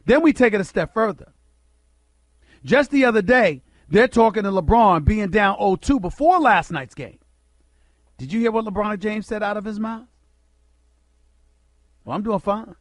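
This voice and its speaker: A man's voice: high voice, animated, normal speed, dry recording. A middle-aged American man delivering an impassioned sports radio monologue, emphatic and preacher-like, firing rhetorical questions at listeners.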